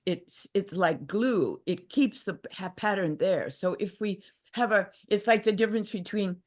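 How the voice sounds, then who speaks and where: An older woman giving a gentle, reflective talk on a livestream video call, with frequent restarts. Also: lowish voice. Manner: reflective, gentle, many restarts and acted inner voices. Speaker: workshop speaker. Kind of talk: casual teaching talk. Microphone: video call mic.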